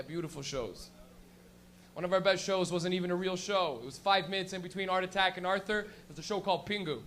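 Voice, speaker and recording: A man's voice: high voice, a little hiss or hum. A Canadian man doing a stand-up comedy set, telling loose, profane stories and acting out bits. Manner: loose, profane, animated storytelling with acted-out bits. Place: small comedy venue.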